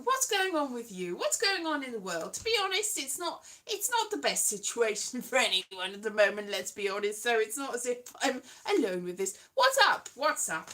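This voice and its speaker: Chatty woman on a home livestream, high bright voice bouncing all over, keeps drifting into little sung bits. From Wales. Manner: rambling, self-deprecating, breaks into sung lines. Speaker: livestream host. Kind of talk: casual chat livestream.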